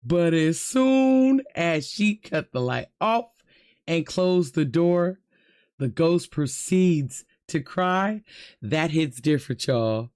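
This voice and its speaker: A host reacts to scary videos with loud, exclamatory, slangy commentary, shrieking and speaking directly to viewers in frequent asides. Her mid-range voice is animated, clear and resonant, and she takes her time.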